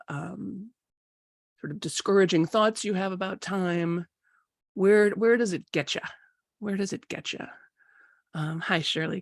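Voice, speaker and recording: Hosting a live online workshop, this female coach talks in a relaxed way and eases her pace to lead breathing exercises. Her fairly low voice is slightly rough from a cold, captured in clean studio sound with no echo.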